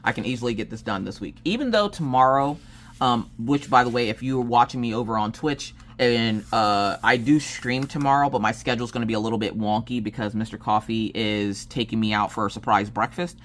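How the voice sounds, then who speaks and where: A woman's voice: rumbling low, brisk. Chatty woman telling a rambling story. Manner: rambling storyteller who acts out quoted dialogue. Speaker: crafting vlogger and streamer. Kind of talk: casual chat while crafting.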